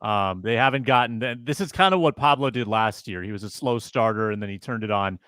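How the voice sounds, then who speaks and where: A man's voice: lowish voice, a little fast, a bit bright, clean tone, no room sound, clean studio sound. A man co-hosting a casual sports roundtable, speaking in a matter-of-fact way. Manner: matter-of-fact, reads sponsor plug. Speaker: podcast co-host.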